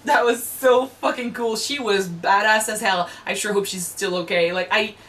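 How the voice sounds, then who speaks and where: A woman hosting an anime reaction chat, animated, swearing freely and restarting her sentences. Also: mid-range voice, normal speed, rough recording.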